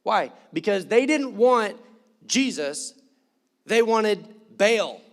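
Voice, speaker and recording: A man's voice: high voice, lively intonation, slow. A man preaching in church, conversational and joking, acting out quoted voices. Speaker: pastor. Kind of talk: sermon.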